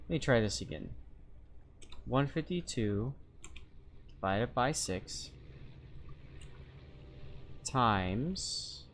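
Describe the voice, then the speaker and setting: A man's voice: medium pitch, lively intonation, very slow, pauses often, fairly bright tone, slight background noise. A man streaming a naval game live, reading chat aloud and working through armor math step by step in a casual, talkative way. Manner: chatty, explains step by step, reads chat aloud.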